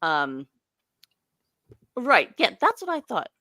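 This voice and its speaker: Animated young woman co-hosting a livestream. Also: a little high, slow pace, no room sound, studio quality. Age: young adult. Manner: animated, profane, laughing asides to viewers. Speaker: livestream co-host. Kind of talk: casual commentary chat.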